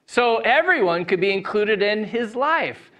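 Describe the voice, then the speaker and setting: Upbeat high-voiced pastor. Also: male voice, very animated, a little slow, lo-fi sound. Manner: upbeat, chatty storyteller who laughs through anecdotes. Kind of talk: Easter sermon with welcome and personal story. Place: church stage before a live congregation.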